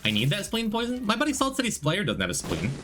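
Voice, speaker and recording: A man's voice: high voice, wildly swooping pitch, quick pace, over music. A man streaming a game, chatting casually, rambling and joking as he reads and answers chat. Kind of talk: casual live-stream chat while gaming.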